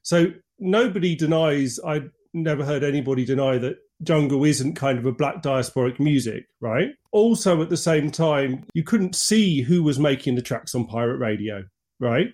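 A man's voice: fairly high pitch, expressive, normal speed, darkish tone. A man speaking as an academic guest, analytical and full of "kind of" fillers. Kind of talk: analytical discussion.

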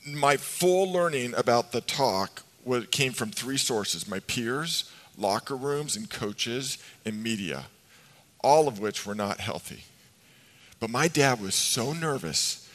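A middle-aged male pastor delivers a sermon in a church sanctuary, his voice trailing into a long hall reverb. He preaches like a chatty storyteller, mixing in humor and questions for the congregation. His voice sits at an ordinary male pitch. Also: lively intonation, unhurried, a bit bright.

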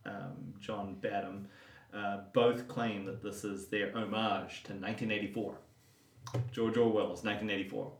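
A man co-hosting a podcast, chatting casually and digressively about a film, quick to laugh. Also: fairly low pitch, fairly even intonation, creaky. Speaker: podcast co-host. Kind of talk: casual film review chat. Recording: roomy, distant mic.

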